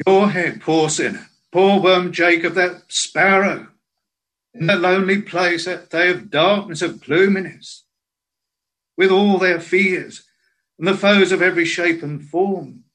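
A man preaching a sermon in a slow, earnest way, quoting scripture in old biblical language. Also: sits high, a bit bright, low-quality recording.

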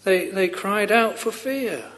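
Pitched high with a fairly bright tone, a preacher delivers his sermon in an earnest, stop-and-start way, often repeating himself as he begins again. Pleading questions lift his voice fervently.

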